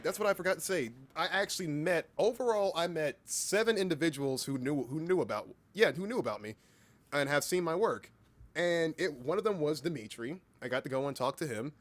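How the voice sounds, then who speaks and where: A young man chatting on a casual livestream, telling an excitable story with halting restarts and the odd swear word. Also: a little high. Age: young adult. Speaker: streamer and voice actor.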